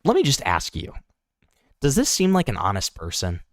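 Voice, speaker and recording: A man's voice: mid-range voice, wildly swooping pitch, normal speed, a bit bright, no echo, clean studio sound. A young man hosting online commentary, sarcastic and pointed, asking rhetorical questions. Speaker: commentary channel host.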